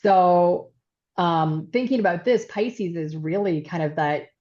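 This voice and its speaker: Chatty woman business coach, lowish voice, muffled lo-fi recording. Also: a little slow, darkish tone. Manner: chatty storyteller, many fillers and asides. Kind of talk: casual podcast chat. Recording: dull lo-fi sound.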